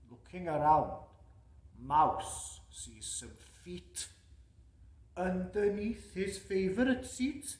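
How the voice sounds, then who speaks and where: Man as jolly old Santa Claus, storybook reading, unhurried, chuckling asides, echoey room. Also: high voice, exaggerated voice. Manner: chuckling, chatty asides to young listeners.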